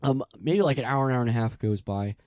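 In a casual interview, a young priest tells a story from his own experience at a quick pace, his mid-range voice carrying no room sound. He animates the quoted voices and leans heavily on "like."

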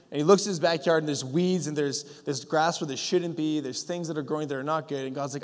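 Young guy preaching, kinda high voice, chatty with lots of ums, big echoey church hall. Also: fairly even intonation, brisk, few pauses. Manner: casual storytelling with fillers, acting out God's voice. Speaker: pastor. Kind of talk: sermon. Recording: long hall reverb.

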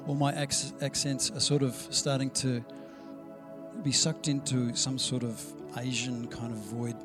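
A man's voice: medium pitch, little pitch movement, measured pace, music in the background. A man preaching a sermon in a conversational, storytelling way, acting out the dialogue he quotes. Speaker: pastor.

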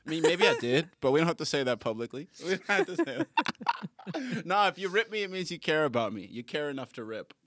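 A man's voice: on the high side, big pitch swings, quick pace, fairly bright tone, no echo, clean studio sound. A young Canadian man hosting a casual podcast, joking, laughing often and swearing freely. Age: young adult. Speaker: podcast host. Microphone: studio mic.

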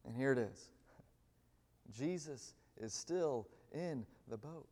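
A man giving a sermon as a guest speaker, swinging between loud pleading and hushed, near-whispered lines. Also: mid-range voice, expressive, slow. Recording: long hall reverb.

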